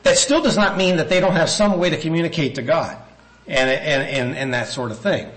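A man's voice: fairly high pitch, fairly quick, a bit bright, rough recording. A man preaching a sermon, reading scripture passages aloud and thinking aloud with restarts and asides.

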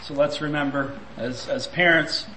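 A man's voice: fairly high pitch, normal speed, sharp tone, reverberant, slight background noise, low-quality recording. A man preaching a sermon, reflective and full of rhetorical questions.

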